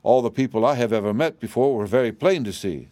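A man's voice: mid-range voice, quick pace, a little mellow, no echo, lightly acted. A polite, careful old wizard explains himself in a storybook, voiced by a man reading the book. His manner is courteous and his sound dry and close. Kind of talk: audiobook character reading.

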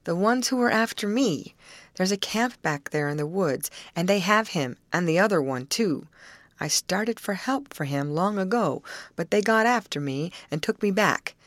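Woman doing a halting simple-minded young man. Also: lowish voice, animated, no room sound, pitched above the performer's own voice, lightly acted. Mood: earnest. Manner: slow, hesitant, uneducated grammar.

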